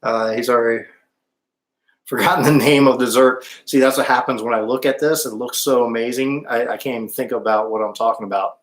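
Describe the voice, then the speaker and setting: Recorded in an echoey room, this man talks a little fast, his medium-pitched voice holding a steady tone. He's running a laid-back cooking stream, making conversation with his audience and pausing to hum whenever he samples a dish.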